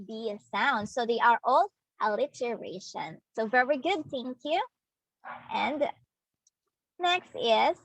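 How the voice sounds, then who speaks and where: A young woman from the Philippines with a Filipino accent, giving a demo class lesson as a student teacher, explaining slowly with pauses and fillers. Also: fairly high pitch, dry recording, lo-fi sound. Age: young adult. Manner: slow, hesitant, explaining to students.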